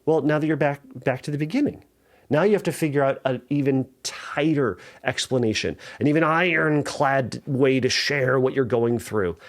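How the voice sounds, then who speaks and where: A man's voice: mid-range voice, moderate pace. A middle-aged man, a therapist hosting a podcast, giving earnest, reassuring advice and thinking aloud with small restarts. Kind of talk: solo podcast advice talk.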